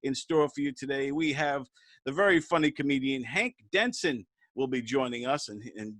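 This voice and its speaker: A man hosting a comedy show from home, upbeat and excitable, rattling off the intro at speed. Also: mid-range voice, moderate pace, no room sound. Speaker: host. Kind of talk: casual chat on a comedy show. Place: home, remote.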